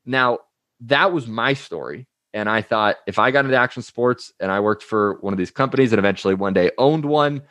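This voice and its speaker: A young man speaks as a guest in a casual interview, spinning anecdotes and slipping into acted-out quotes with plenty of energy. The recording is dry, with no room sound around his middle-pitched voice. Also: fairly quick, a bit bright, no room sound. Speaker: guest, life coach.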